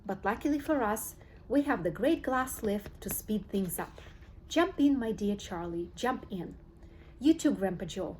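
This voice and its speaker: A woman's voice: medium pitch, a little hiss or hum, close to an everyday voice. A woman voicing an eccentric, cheerful male chocolate-maker, gushing and theatrical, in an audiobook reading.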